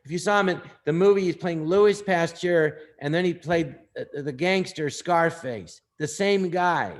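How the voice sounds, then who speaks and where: In a relaxed interview, a man who acts and does comedy shares anecdotes with a lot of energy, readily imitating whoever he's quoting. His voice is a little high.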